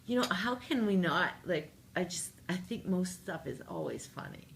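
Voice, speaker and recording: Canadian woman in her 40s, kinda gravelly and lowish, jokey storyteller in an interview. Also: moderate pace, slight background noise. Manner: animated, jokey, acts out her own lines. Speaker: interview guest, singer-songwriter.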